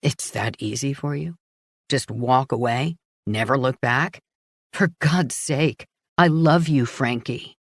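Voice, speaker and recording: A woman's voice: rumbling low, slow pace, husky, no echo, clean studio sound, full character voice. A woman reading the lines of a heartbroken, angry man in an audiobook, bitter and pleading. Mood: hurt, pleading.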